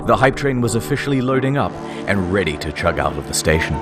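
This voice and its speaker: Deep-voiced male narrator, wry, music bed. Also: sing-song, quick pace. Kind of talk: comedic scripted narration.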